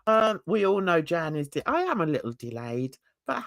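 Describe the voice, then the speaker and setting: An older woman from England hosting a casual livestream chat, laughing a lot and jumping into excited high squeals. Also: normal speed, no room sound, clean studio sound. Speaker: host. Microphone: video call.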